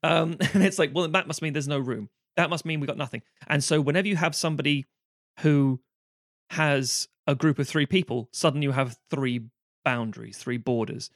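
A man's voice: fairly high pitch, moderate pace, no room sound. Sweary man ranting, dry sound. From London, England. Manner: ranting and sweary, acting out quoted people. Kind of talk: casual chat.

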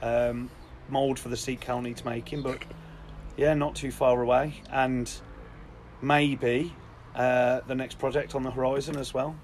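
A young man co-hosting a relaxed podcast, giving upbeat updates in a mid-range voice. A faint hiss sits under his speech. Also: mid-range voice, a little slow. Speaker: podcast co-host. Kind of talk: casual chat.

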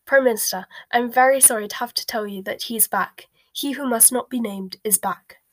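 A woman reading a storybook aloud and voicing a flustered, pompous male wizard minister in a louder, brisk voice. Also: fairly high pitch, no room sound, natural voice. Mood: grave. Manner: blustering and brisk, louder than the narration.

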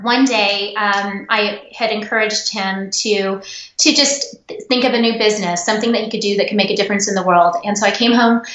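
A woman guest in an interview, telling personal stories in an earnest, animated way. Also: medium pitch. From United States. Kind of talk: interview storytelling. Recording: echoey, dull remote audio.

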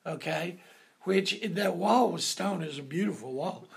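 A man with a deeply gravelly, rough, husky voice recounts an old family story. He rambles at an unhurried pace and stops often for fillers.

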